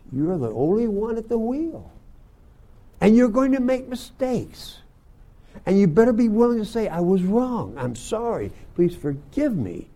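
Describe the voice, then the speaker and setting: An older man teaching a Bible school class, telling folksy stories and often clearing his throat. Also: sits high, dark tone. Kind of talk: sermon to young students.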